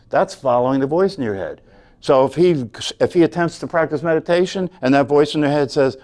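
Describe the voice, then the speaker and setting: A man's voice: fairly high pitch, animated, a little fast, a little mellow. A man teaching a meditation class, talking earnestly and often checking in with "right?". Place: class room.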